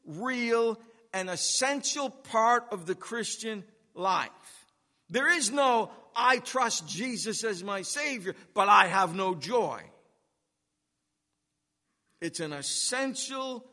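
Male pastor, sermon, high bright voice, slow deliberate delivery, repeats for emphasis. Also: in a large hall.

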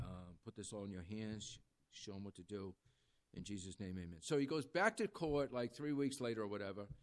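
A man who works as a jail chaplain, telling a story in sermon style and acting out the people he quotes. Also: on the low side. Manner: animated storyteller quoting others in lively voices.

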